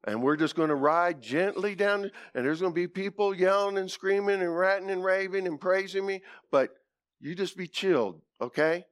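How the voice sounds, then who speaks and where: A man preaching, voicing Jesus as he calmly reassures a young colt in a soft, low voice. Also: fairly quick, hardly any pauses. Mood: soothing. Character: calm gentle Jesus soothing a young colt.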